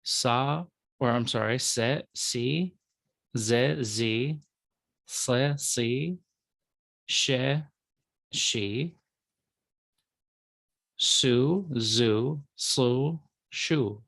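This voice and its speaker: A man's voice: mid-range voice, drawn-out words, vocal fry, long pauses, fairly bright tone, dry recording. A male professor giving a recorded lecture, sounding out syllables one at a time and explaining them to students. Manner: explanatory, with fillers and asides to the student.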